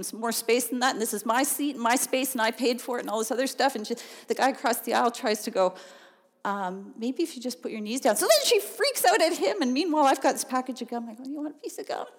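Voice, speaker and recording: A woman telling a personal story in an animated, chatty way, laughing often. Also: fairly high pitch. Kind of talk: storytelling testimony. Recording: long reverb of a large hall.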